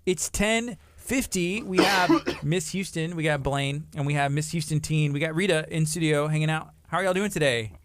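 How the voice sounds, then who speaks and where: Man, radio host with a light Texan accent, relaxed studio banter, dead-dry mic. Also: a little high, moderate pace, hardly any pauses, dry recording. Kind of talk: casual radio chat.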